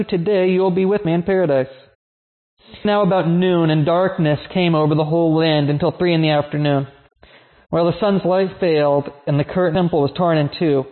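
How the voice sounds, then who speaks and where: A man giving a measured, solemn liturgical scripture reading. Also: fairly high pitch, fairly even intonation. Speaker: scripture reader. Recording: tinny phone-like sound.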